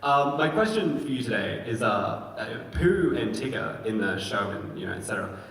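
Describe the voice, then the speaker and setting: A man in the audience asking a hesitant question with many pauses and fillers at a convention panel. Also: fairly low pitch, big pitch swings, a bit bright. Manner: hesitant, many ums and uhs. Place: large convention hall. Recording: echoey hall heard from far off.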